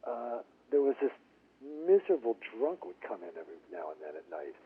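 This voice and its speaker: A man's voice: medium pitch, brisk, husky. A man, a guitarist guest on a radio interview, telling stories and acting out what people said. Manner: animated storyteller acting out quotes. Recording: phone-line audio.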